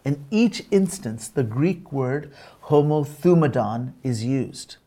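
Slow, earnest male preacher. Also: medium pitch, animated, dark tone. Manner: unhurried, earnest, pauses with fillers and restarts; engages remote listeners to repeat words. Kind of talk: sermon with storytelling.

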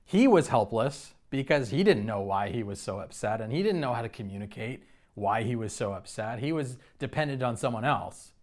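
A man's voice: medium pitch, lively intonation, moderate pace, darkish tone. A man preaching a sermon, telling personal stories in an earnest way with frequent restarts. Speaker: pastor.

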